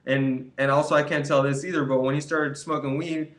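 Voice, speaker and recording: A man's voice: medium pitch, little pitch movement, a little fast. A young man telling a rambling story in a casual vlog, full of restarts, with the quoted people acted out. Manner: rambling, repeats words, acts out quoted voices. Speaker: vlogger giving quit-weed advice.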